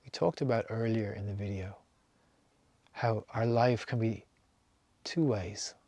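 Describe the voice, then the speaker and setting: Calm low-voiced man guiding breathing. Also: no echo. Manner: calm, slow guiding, soft near-whispered exhales. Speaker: breathing instructor. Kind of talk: guided breathing instruction.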